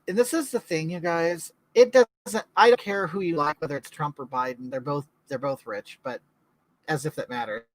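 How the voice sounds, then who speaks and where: A man's voice: a little high, fairly bright tone, no room sound, rough recording. A man from California hosting a casual livestream, chatting to viewers and reading their comments aloud in a gossipy way. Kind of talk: casual chat.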